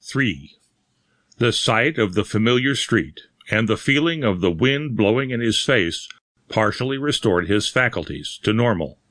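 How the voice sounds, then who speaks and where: Low-voiced male audiobook narrator. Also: lively intonation, a bit bright, no echo, clean studio sound. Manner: measured dramatic storytelling. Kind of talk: scripted narration.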